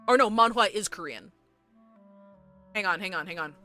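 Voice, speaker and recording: Bright-toned woman streamer chatting to chat, riled up, rambling, apologizing a lot. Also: medium pitch, expressive, moderate pace, soft background music. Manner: rambling, frustrated, apologetic, many restarts. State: agitated. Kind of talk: casual live-stream chat with viewers.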